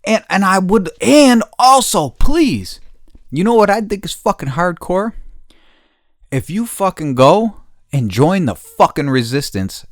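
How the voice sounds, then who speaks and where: An American man hosting a podcast, ranting bluntly with constant swearing, swinging between low mutters and loud outbursts. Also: very animated, measured pace, dry recording, studio quality. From United States. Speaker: podcast host. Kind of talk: profane opinion rant.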